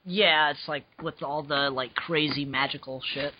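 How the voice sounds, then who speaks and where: A man's voice: a little high, steady tone, unhurried, highs cut off, a little hiss or hum. A man playing a video game, casually narrating his moves and swearing as he goes. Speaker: let's play player. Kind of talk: casual gameplay commentary.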